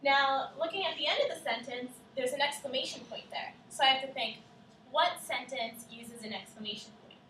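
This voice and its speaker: A woman co-teaching a class, explaining clearly step by step and asking the children questions. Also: high-pitched, normal speed, bright, forceful tone, a little hiss or hum. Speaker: student teacher. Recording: echoey classroom from far off.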